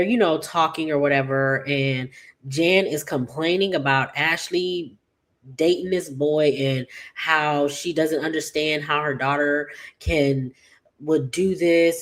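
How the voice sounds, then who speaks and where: A woman giving a casual, rambling recap of an episode, with many fillers and quick paraphrased quotes. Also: sits low. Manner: chatty, rambling, full of "like" and "just like". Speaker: soap opera recap vlogger.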